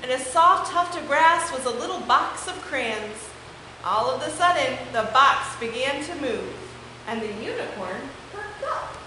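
Leading children's time at church, a young woman reads a picture book aloud and encourages the kids in a high, bright, forceful voice. She is very animated but speaks a touch slowly, and the sanctuary recording is echoey with noise behind her.

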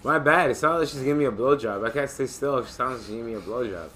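A man casually commentating his gameplay, excitable and joking, with loud profane outbursts. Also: mid-range voice, racing. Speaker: gamer and channel host.

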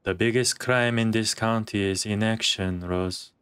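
A man's voice: on the low side, steady tone, a little slow, fairly bright tone, clean tone. A man voicing an indignant male protester in game role-play, speaking in broken English and lecturing insistently. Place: game voice chat.

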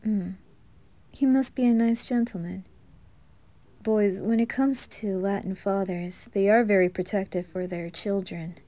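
Lady doing a playful teen boy, whispered role-play, slow and chatty. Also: medium pitch, fairly even intonation, mellow, lightly acted.

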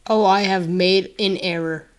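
Slow-talking joking woman gamer. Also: medium pitch, steady tone. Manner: joking, sassy running remarks. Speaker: gameplay commentator. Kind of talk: casual horror game commentary.

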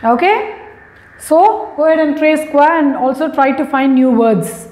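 Slow, high-voiced teacher. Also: female voice, expressive, a little mellow. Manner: slow, coaxing, repeats each word for little children. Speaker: kindergarten teacher. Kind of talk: slow, sing-song online lesson for young children. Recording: echoey room, narrow lo-fi phone-like sound.

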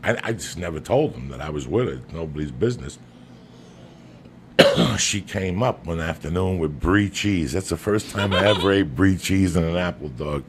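Speaking at a moderate pace in a low, animated voice, a middle-aged Jersey-accented podcast host from New Jersey spins brash, profane stories. Loud bursts of laughing shouts interrupt his casual storytelling, captured amid noisy room ambience.

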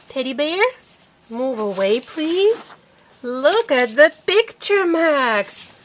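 A fairly high-pitched woman with a lively, swooping voice runs a patient phonics lesson at home. She speaks slowly and clearly, repeating each word and coaxing a child to say it back. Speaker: parent teaching a child to read.

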